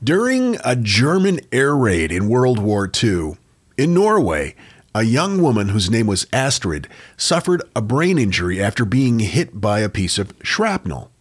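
A man's voice: fairly low pitch, huge pitch swings, unhurried, breathy edge. A man co-hosting a podcast, telling odd facts in a casual, storytelling way. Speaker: podcast co-host. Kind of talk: casual chat.

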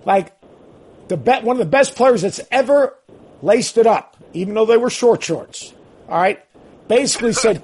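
A man's voice: sits high, animated, normal speed, a little mellow. A man co-hosting a casual basketball talk show, telling stories in an emphatic way. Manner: emphatic, storytelling. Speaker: basketball analyst and co-host.

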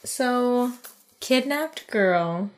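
A woman's voice: a little high, lively intonation, drawn-out words. Chatty woman recapping a film. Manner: loose, profane, jokey storytelling. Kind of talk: casual chat recapping a film.

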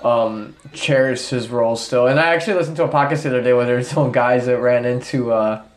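A man chatting casually on a podcast, swearing freely and telling stories with lively energy. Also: medium pitch, fast. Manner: loose, swearing, animated storytelling. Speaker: podcast co-host. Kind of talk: casual chat.

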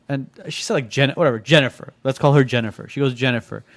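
Guy rattling off a story to his buddies, quick, acts out the callers. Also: medium pitch. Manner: animated storyteller, mimics callers. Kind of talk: casual banter among friends.

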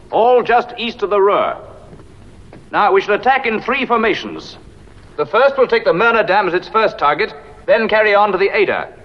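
A man playing an air force commander briefing bomber crews in a 1950s war film, speaking briskly and commandingly. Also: sits high, heavily acted. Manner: brisk, commanding, lists names methodically. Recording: dull lo-fi film audio with long reverb.

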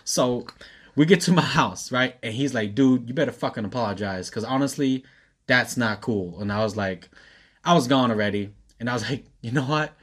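A man in his twenties tells a wild story in casual conversation, with a mid-range voice at a moderate pace. He laughs a lot, swears freely, and gets animated when quoting people.

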